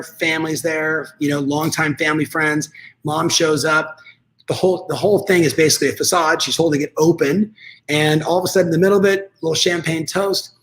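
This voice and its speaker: Upbeat guy doing a motivational coaching talk, bit higher voice, chatty and direct. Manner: energetic, conversational, addresses audience directly. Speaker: real estate coach.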